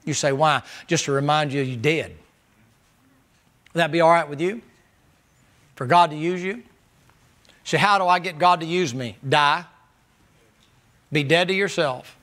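A man's voice: a little slow, long pauses. Impassioned preacher man. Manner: impassioned preaching, rising to high shouted stretches when reading and quoting. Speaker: pastor. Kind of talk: sermon.

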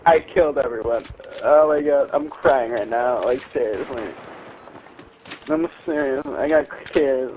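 A young man giving excitable, swearing commentary while playing a shooter game. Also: medium pitch, normal speed, few pauses, slight background noise, low-quality recording. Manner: excitable, swearing, yelps and giggles. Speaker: gamer. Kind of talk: live gameplay commentary.

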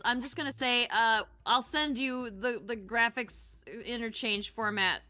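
A woman's voice: on the high side, measured pace, hardly any pauses, bright, forceful tone. A woman co-hosting a casual chat, reading out questions in a breezy way and swearing offhandedly. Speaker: co-host reading viewer questions.

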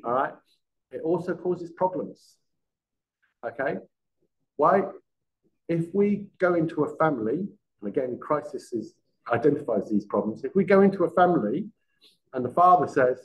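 A former police detective giving a conversational masterclass to a live audience, often quizzing them with questions. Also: male voice, on the high side, expressive, normal speed, pauses often. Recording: dull lo-fi sound.

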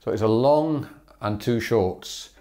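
Speaking slowly in a voice on the low side, a man walks through fiddle patterns in a casual teaching session. He stays relaxed, chuckling and using fillers while counting bows out loud.

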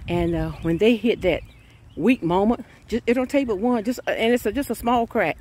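A woman preaches an informal sermon with fervent, chatty energy, often breaking into laughter and shouted exclamations. Her voice is medium-pitched and her pace moderate.

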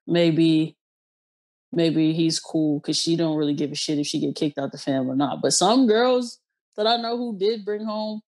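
A woman from Ohio hosting a podcast, telling personal stories in a slangy, blunt, animated way. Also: fairly low pitch, brisk. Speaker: podcast host. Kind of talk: casual podcast chat.

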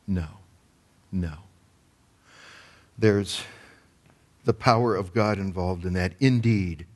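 A man preaching as pastor, retelling a parable with lively acted-out voices. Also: fairly low pitch. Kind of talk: sermon.

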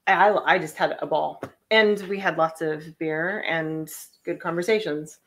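A woman guest in a casual chat, telling stories in a relaxed way. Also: sits low, unhurried.

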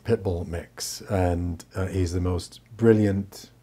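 A man in the role of a therapist gives interview answers in a low, steady, warm voice, speaking slowly. He is reflective and keeps adding "right?" to check in with his listener.

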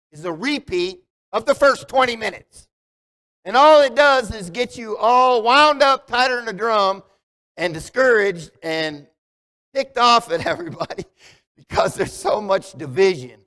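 A man's voice: high-pitched, a bit bright. A man preaching a conversational sermon as pastor, asking the congregation questions. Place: church sanctuary. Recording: long hall reverb.

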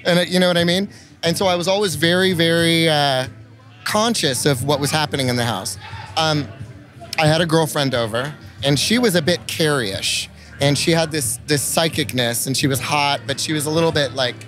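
A man with a somewhat high voice tells a wild anecdote as a podcast guest, with faint music behind him. He is expressive and swears freely, and he acts out the quotes with real flair. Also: normal speed. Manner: expressive and profane, with lively acted-out quotes. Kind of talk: animated anecdote-telling in an interview. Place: trade show convention.

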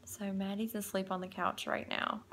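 A woman in her thirties talks softly into her phone camera in a home kitchen, tearful and hushed so she won't wake her sleeping child. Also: medium pitch, little pitch movement, moderate pace, vocal fry, slight background noise. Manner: soft, hushed to avoid waking a child. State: tearful, close to crying. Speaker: vlogger, mother. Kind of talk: casual vlog.

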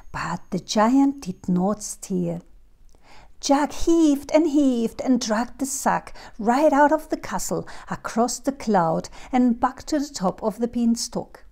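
A woman reading a fairy tale aloud slowly and clearly for learners of English. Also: fairly high pitch, dark tone. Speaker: storyteller. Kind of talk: storybook narration for English learners.

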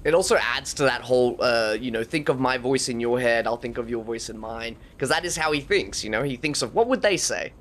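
A man hosting a game playthrough, talking in an excitable way and laughing often. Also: medium pitch, a little fast, few pauses, slight background noise. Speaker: gaming video host. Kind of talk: let's play commentary.

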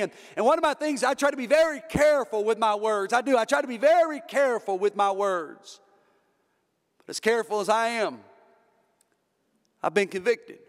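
High-voiced pastor preaching in a hall. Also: male voice, fairly bright tone. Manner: preaching with emphatic rises and drops, repeating phrases. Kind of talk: sermon. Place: church sanctuary. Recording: reverberant church hall.

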